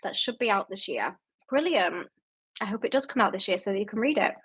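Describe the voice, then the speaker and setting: A young woman with a Yorkshire accent talks through a casual livestream from home. She reads out viewer comments and answers them at length in a loose, chatty ramble full of "like" and "um". Her voice sits at an ordinary middle pitch for a woman. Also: animated, brisk, a bit bright, slightly rough. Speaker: booktube host.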